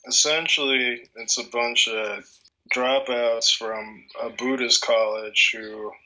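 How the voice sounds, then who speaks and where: Slow, flat-voiced man podcast co-host. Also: mid-range voice. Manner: rambling and hesitant, searches for words, uses many fillers. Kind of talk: casual podcast chat. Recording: dull, muffled lo-fi sound.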